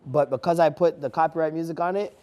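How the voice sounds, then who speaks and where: A young man guesting on a podcast, telling animated stories in casual chat, swearing freely and calling people "bro.". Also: fairly high pitch, fast talker, slight background noise. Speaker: podcast guest and stand-up comedian. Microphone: clear guest mic.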